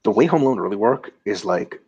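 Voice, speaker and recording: A man co-hosting a casual webinar who reads viewer questions aloud. His voice is very deep and husky. He jokes around in a crude, profane way. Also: animated, fast talker, warm tone, dry recording, highs cut off. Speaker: co-host reading viewer questions.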